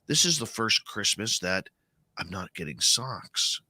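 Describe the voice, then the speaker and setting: A man hosting a radio show talks in a loose, heartfelt way, often tossing in "man". His voice is very bright and forward. The sound is dry and close, with no room around it. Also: lowish voice, expressive, a little slow, husky, no echo. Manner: conversational, heartfelt, says "man" a lot. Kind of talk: casual radio chat.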